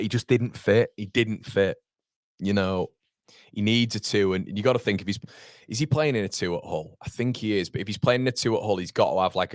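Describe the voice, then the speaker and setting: A man with a lowish voice hosts a fan channel's live football watchalong, commenting bluntly and swearing now and then. The recording is dry, studio quality, with no echo.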